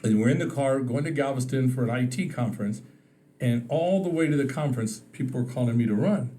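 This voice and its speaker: A man from Texas, a podcast guest, telling lively stories in casual conversation and acting out the people he quotes. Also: medium pitch, brisk. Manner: animated storyteller, acts out quoted phone calls with laughter. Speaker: podcast guest, state representative. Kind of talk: casual storytelling interview.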